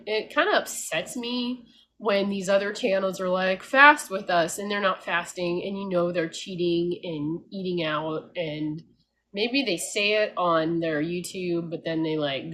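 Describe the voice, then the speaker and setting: A woman's voice: on the low side, slight background noise. A woman vlogger talking casually and frankly, laughing often and mimicking others as she rants. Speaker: homesteading vlogger. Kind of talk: casual talking-head rant.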